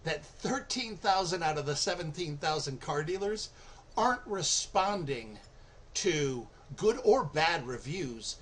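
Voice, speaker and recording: Slow-talking man host asking questions. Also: fairly high pitch, expressive, fairly bright tone. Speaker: podcast host. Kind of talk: casual podcast chat.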